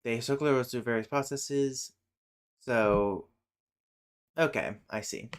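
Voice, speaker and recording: A man's voice: mid-range voice, a little slow, smooth. A man casually reading a linguistics text aloud on a stream, breaking off into exasperated, swearing rants. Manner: swears, self-correcting. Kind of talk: casual live stream chat.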